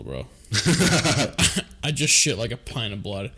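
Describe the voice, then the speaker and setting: A man's voice: lowish voice, big pitch swings, normal speed, very noisy. A man in his twenties co-hosting a podcast, trading crude stories in casual banter, laughing often and jumping in with short reactions. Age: 20s. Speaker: podcast co-host.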